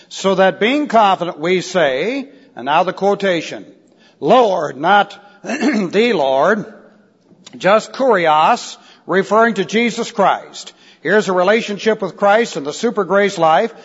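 A man with a high voice delivers an expository Bible sermon at an unhurried, measured pace, spelling out terms one letter at a time. The sound is dull and lo-fi, carrying a long reverb from a large hall. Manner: deliberate, spells out Greek words letter by letter. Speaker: pastor.

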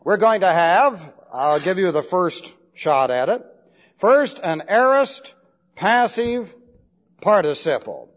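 A high-pitched man with big pitch swings speaks slowly, teaching Bible Greek grammar in a classroom lecture. He is emphatic, repeats points, and spells out key words. The recording is dull and lo-fi with long hall reverb.

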